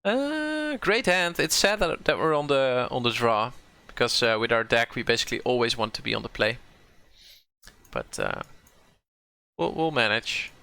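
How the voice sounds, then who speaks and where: Man, Dutch accent, game streamer, thinking aloud, bright tone, smooth voice. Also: medium pitch, animated, normal speed. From southern Netherlands. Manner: musing, self-correcting, repeats words. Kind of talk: thinking aloud while playing a card game.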